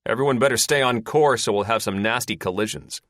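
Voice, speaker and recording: A man's voice: lowish voice, a little fast, fairly bright tone, no echo, studio quality, voice pushed up, natural voice. A man voicing a brash, commanding male fighter pilot who barks orders and swears in an audiobook. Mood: steady. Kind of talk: audiobook character voice.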